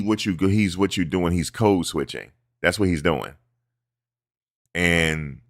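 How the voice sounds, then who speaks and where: Deep-voiced dude going off about football, cussing and riffing, dry close sound. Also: male voice, no echo. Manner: animated, profane, mocks players' interview voices. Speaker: sports commentary host. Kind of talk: casual sports talk.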